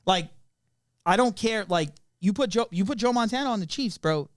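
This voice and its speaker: A young man talks sports on a podcast. He tells stories in a lively, animated way. The sound is dry and close to the mic. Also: sits high, normal speed, dry recording. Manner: animated, storytelling, retells skits with quoted voices. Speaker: podcast co-host. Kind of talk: casual chat.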